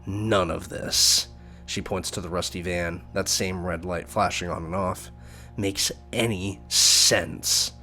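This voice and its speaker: A man voicing a cold, curt young woman in a visual novel playthrough. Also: deep voice.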